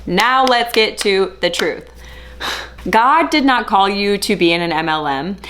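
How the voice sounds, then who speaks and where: A woman's voice: medium pitch, animated, unhurried, a bit bright. A woman hosting a reaction commentary, chatty and sarcastic. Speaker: host.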